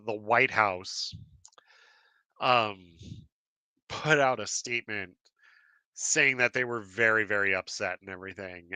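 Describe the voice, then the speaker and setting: A man's voice: mid-range voice, sharp tone, no room sound. Laughing, upbeat male comics podcaster. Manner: enthusiastic, laughs often, many fillers and restarts. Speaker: podcast host. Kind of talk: casual live-stream chat.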